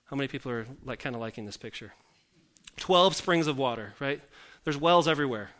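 With lively intonation and a fairly quick pace, a pastor with a mid-range, fairly bright voice delivers a chatty sermon. He cracks jokes at his own expense and poses rhetorical questions to the congregation.

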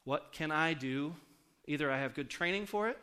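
A man's voice: a little high, moderate pace, bright, forceful tone, clean tone. A pastor preaching a casual, story-driven sermon to his congregation, often asking the audience questions. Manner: conversational, asks the audience questions.

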